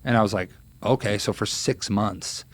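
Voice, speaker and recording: With a lowish voice and normal speed, a thirtysomething guitarist recounts stories as a guest in a casual interview. He's lively, performs the quotes, and leans heavily on fillers; there's no echo.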